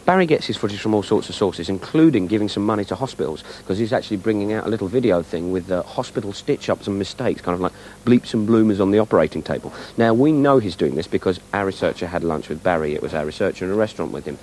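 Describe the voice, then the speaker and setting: A man hosting a comedy show, talking in a dry, mocking way that turns excitable. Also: fairly low pitch, quick pace, few pauses, a little hiss or hum. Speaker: host. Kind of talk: comic presenting to camera.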